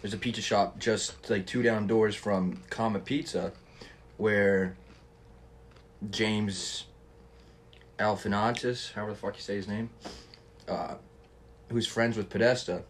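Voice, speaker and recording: A man's voice: on the low side, fairly even intonation, measured pace, long pauses, a little hiss or hum. A young man hosting a casual podcast chat, laid-back, swearing freely and laughing often. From Canada. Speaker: podcast host.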